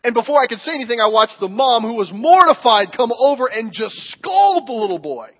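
A male pastor preaching a sermon in a church, telling stories with emphatic, animated delivery. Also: very high voice, brisk. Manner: animated, emphatic storytelling with acted quotes. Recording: dull recording with long hall reverb.

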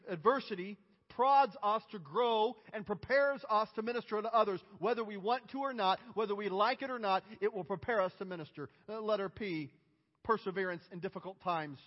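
A high-pitched male pastor delivers an emphatic sermon that swells into loud cries. His voice rings with a long hall reverb. The sound is muffled and dull. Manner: emphatic, building to loud outcries.

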